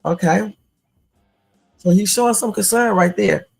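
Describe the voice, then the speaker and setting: A man hosting a livestream, reading text messages aloud and reacting to them with slow, musing asides. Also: high voice, vocal fry, a little mellow, husky, soft background music. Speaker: livestream host.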